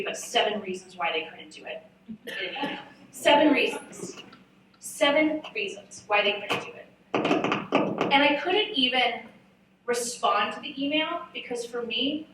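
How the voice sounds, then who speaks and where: A woman speaking on a conference panel, telling frank, lively stories and poking fun at herself. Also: on the high side, a little slow, background noise. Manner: candid, lively storytelling with self-mocking asides. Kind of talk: live panel talk at a marketing summit. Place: large event hall. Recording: echoey hall, voice from far off.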